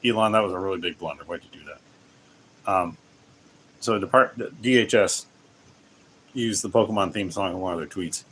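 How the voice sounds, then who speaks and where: Male streamer, lowish voice, rambling casual chat, faint hiss behind. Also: normal speed, pauses often, a bit bright. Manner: rambling, self-interrupting, laughs often. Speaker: livestream host. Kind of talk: casual livestream chat while gaming.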